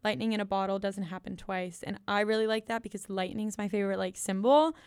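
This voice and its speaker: A young American woman co-hosts a podcast, casually reviewing an album with plenty of ums, likes and giggles. Her medium-pitched voice is steady, fairly quick and darkish in tone. The sound is clean and dry.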